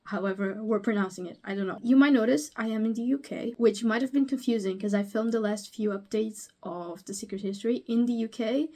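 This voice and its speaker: A woman's voice: on the high side, brisk, few pauses, warm tone. A woman from Portugal chatting casually about her reading in a book vlog, self-deprecating and laughing between points. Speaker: book vlogger.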